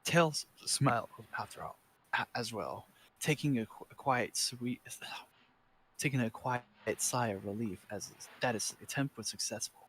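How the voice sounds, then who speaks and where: A man's voice: medium pitch, unhurried, fairly bright tone, slightly rough. A man reading fanfiction aloud for laughs, in dramatic narration with stumbles and self-corrections. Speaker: reader.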